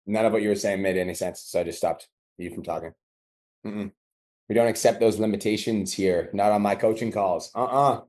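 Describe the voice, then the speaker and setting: A man's voice: lowish voice, fairly even intonation, fairly quick, a little mellow. A man running a coaching call, blunt and profane, acting out little exchanges as he talks. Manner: blunt, profane, acts out dialogue. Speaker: business coach.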